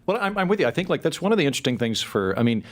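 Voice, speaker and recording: Rapid-talking chatty male host. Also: on the high side, big pitch swings. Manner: quick, chatty, self-deprecating. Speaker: podcast host. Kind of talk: casual conversation.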